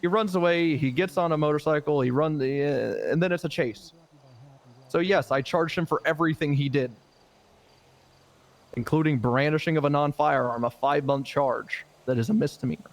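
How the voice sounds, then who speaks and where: A man's voice: on the high side, normal speed. A man playing a police officer in a role-play game, telling a story animatedly and swearing freely. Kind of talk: in-character role-play chat.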